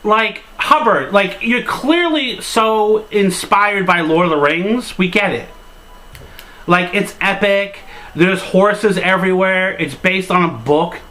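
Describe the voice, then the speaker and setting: High-voiced, exasperated ranting man. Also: slow, pushed and bright, rough recording. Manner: crude, exasperated ranting with frequent "like" and swearing. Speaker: video reviewer. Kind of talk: satirical comedy rant.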